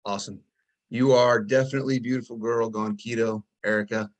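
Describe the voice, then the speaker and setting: A man, a coach hosting a video call interview, giving short directives and quick affirmations. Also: medium pitch, fairly even intonation, poor audio. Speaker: coach and host.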